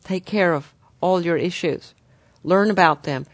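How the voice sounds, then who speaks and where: Spiritual teacher, gentle guiding delivery, mid-pitched voice, dry and close recording. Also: measured pace, no echo. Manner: gentle, guiding, addresses listeners as "dear ones".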